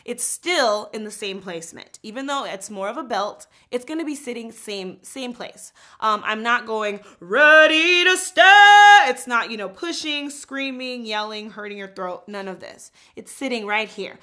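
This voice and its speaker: A woman teaching a casual singing lesson, animated and explaining with quick spoken and sung examples. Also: on the high side.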